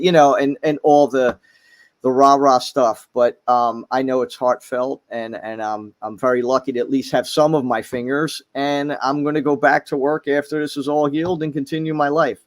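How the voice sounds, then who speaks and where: A middle-aged man talking as a podcast guest, halting, with many fillers and restarts. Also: medium pitch. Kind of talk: casual chat.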